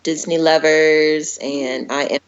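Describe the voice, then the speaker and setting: A woman's voice: low-pitched, fairly even intonation, slow, clean tone, dull audio. A woman from South Florida, a guest speaking in a friendly way with frequent fillers. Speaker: guest, business co-owner. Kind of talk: casual interview chat.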